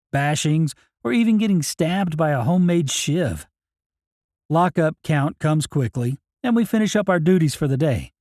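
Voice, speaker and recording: A man reads a first-person audiobook in a plain, matter-of-fact manner. His voice sits a touch high yet sounds warm and mellow, recorded close and dry in a studio with no room echo. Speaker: audiobook narrator.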